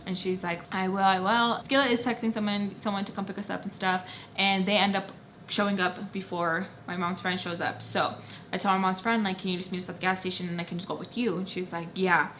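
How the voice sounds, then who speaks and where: A young woman vlogger telling an animated story while doing her makeup, acting out the voices of the people in it. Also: lowish voice, fairly quick. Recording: faint background noise.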